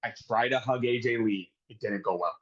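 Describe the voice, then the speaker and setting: A man co-hosting a podcast, telling a story in casual chat with animated, profane delivery. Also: mid-range voice, moderate pace, lo-fi sound. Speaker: podcast co-host.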